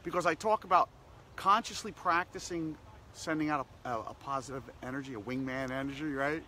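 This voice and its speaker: A man's voice: a little high, brisk, bright, forceful tone, slight background noise. A man hosting a daily positivity practice, giving an upbeat, repetitive motivational talk that keeps circling back to short slogans. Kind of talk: motivational self-help talk.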